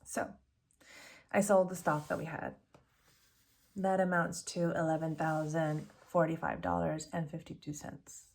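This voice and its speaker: A woman's voice: deep voice, level tone, a little slow, gravelly, darkish tone. A woman budgeting vlogger talking casually to camera, candid and rambling with fillers, self-corrections, nervous laughs and sighs.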